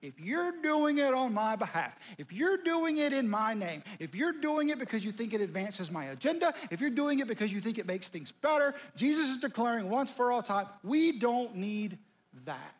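Brief: middle-aged male pastor, dramatic sermon style, high voice with a husky grain. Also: big pitch swings, brisk, hardly any pauses. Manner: conversational, dramatic, swinging from loud to near-whisper.

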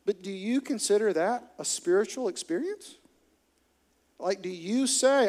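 A male pastor preaching with a high, bright voice. He keeps it lively and funny, slipping into quick acted-out quotes. His energy swings from quiet asides to loud bursts. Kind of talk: sermon.

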